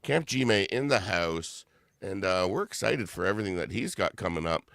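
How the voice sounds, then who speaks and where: A man's voice: sits low, lively intonation, normal speed, gravelly, a bit bright, no room sound. A man hosting a live music stream, singing blues and rock covers over guitar, then chatting loosely with a guest. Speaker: host.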